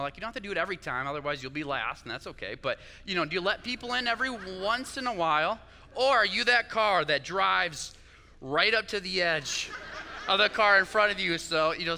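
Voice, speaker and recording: A man's voice: fairly high pitch, sharp tone, long reverb tail. A young man preaching a sermon, conversational and chatty, often asking his listeners "right?". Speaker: pastor.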